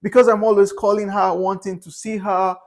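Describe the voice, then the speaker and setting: A man's voice: sits high, little pitch movement, fairly quick. A young man giving his candid opinions in a casual, rambling monologue, with fillers and restarts. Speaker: vlogger.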